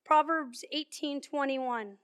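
Woman preacher, high voice, storytelling sermon with emphatic repetition. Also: slow, a bit bright.

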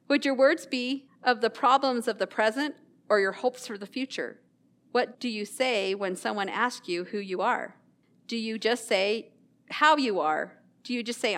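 A woman hosting a casual Christian devotional talk, earnest and self-deprecating, slowing down to read scripture. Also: on the high side, a bit bright.

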